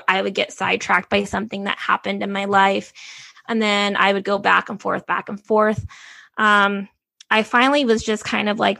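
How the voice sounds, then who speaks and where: Gravelly, bright-voiced woman telling her story. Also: mid-range voice, no echo. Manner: casual and slangy, frank. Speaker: interview guest. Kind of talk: candid personal storytelling.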